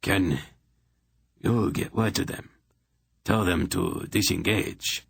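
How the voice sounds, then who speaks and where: A man voicing an excitable, plaintive male king in an audiobook, protesting and quick to shout. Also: low voice, creaky, breathy edge, no room sound, exaggerated voice. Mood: agitated.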